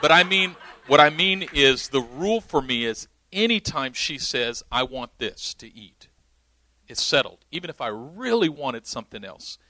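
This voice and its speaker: Man, young, pastor, emphatic sermon teaching, fairly high pitch, bright tone. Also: big pitch swings, normal speed, hardly any pauses, no room sound. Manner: emphatic, explanatory, checks understanding.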